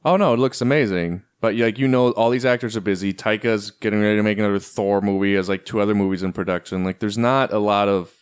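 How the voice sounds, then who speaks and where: A man co-host with a fairly low, clean, smooth voice chats casually on a podcast. He rambles, restarts his thoughts and scatters fillers through his sentences. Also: steady tone, quick pace, few pauses. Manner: rambling, filler-heavy, lots of "like". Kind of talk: casual chat.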